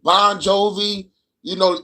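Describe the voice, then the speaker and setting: A man's voice: high-pitched, level tone, takes it slowly, sharp tone. A man joining a casual podcast chat as co-host, emphatic and profane.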